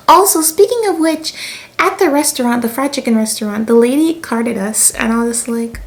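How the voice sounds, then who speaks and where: A young woman in her twenties from Canada with a Canadian accent, chatting casually as she tells a storytime in her vlog. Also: fairly high pitch. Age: 20s. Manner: chatty, lots of fillers and laughs. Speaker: vlogger.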